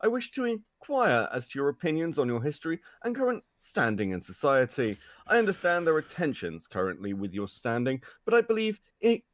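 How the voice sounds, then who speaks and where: A man putting on a posh British accent to voice a formal, stiff gentleman reading a letter aloud. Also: fairly high pitch, wildly swooping pitch, brisk, few pauses, no echo, pitched above the performer's own voice. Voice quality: stiff and formal, breaks into laughs.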